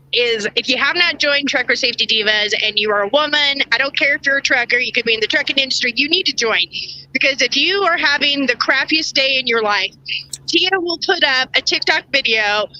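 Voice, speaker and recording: A woman hosting a casual livestream talk show, emotional and quick to laugh, sometimes choked up. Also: high voice, bright, forceful tone, a little hiss or hum, rough recording. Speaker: show host.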